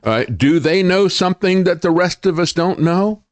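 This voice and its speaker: A man's voice: sits high, normal speed, no echo. A man hosting a political commentary show, talking in a sarcastic, emphatic way and often mocking what he reports. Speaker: host.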